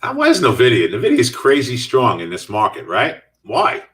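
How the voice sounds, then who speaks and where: A man's voice: medium pitch, huge pitch swings, moderate pace, fairly bright tone, far from the mic. A middle-aged man hosting a live trading stream, talking casually and answering viewer chat as he trades. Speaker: stock trading host.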